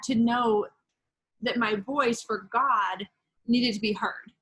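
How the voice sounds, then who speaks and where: A woman hosting a casual faith chat, animated and storytelling, with quoted asides and frequent laughs. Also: fairly high pitch, moderate pace, breathy edge, low-quality recording. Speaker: podcast host.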